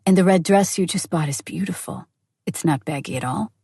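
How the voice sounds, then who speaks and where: A woman voicing a suave, commanding man with a British accent, speaking low and hushed in an audiobook. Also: brisk, husky, no room sound, studio quality. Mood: commanding, teasing.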